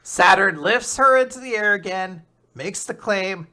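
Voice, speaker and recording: A podcast host tells a manga recap in a casual, animated way, swearing freely along the way. The voice sits at a middling pitch. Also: measured pace.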